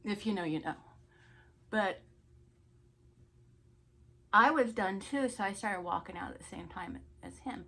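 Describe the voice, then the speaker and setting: Woman vlogger, mid-pitch, casual indignant storyteller. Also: lively intonation, measured pace, pauses often, a bit bright, slight background noise. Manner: chatty, indignant storytelling with laughs. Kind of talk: get-ready-with-me story time.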